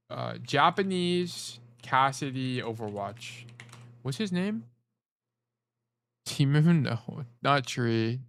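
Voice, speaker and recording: A man of middling pitch coaches players over a casual livestream. He rambles and jokes as he goes, with plenty of swearing. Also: a bit bright, no echo. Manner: rambling, joking and profane. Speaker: game coach.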